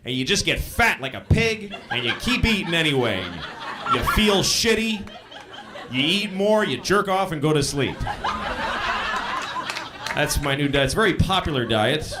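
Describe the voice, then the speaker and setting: A man's voice: a little high, expressive, moderate pace, long pauses, heavy background noise. A man doing a crude, self-deprecating stand-up routine in a conversational tone. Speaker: stand-up comedian. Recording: live stand-up with audience laughter. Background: audience laughing.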